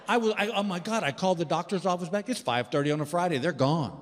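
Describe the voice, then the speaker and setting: A man, performing stand-up comedy as an animated storyteller who acts out the voices he quotes. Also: high-pitched, fast, hardly any pauses. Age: 60s. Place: large indoor theater stage. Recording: live theater reverb with faint ambience.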